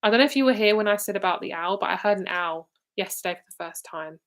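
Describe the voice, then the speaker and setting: A woman's voice: mid-range voice, quick pace, fairly bright tone. A young woman giving live tarot and psychic readings. She talks in a casual, rambling way, often says "like" and swears now and then. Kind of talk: live-streamed card reading.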